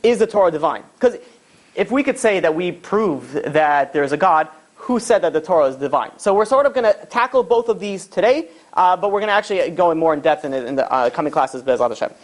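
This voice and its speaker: A man, a rabbi, teaching a class in an animated, joking storytelling style. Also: on the high side, a little fast. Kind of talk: lively lecture with acted stories.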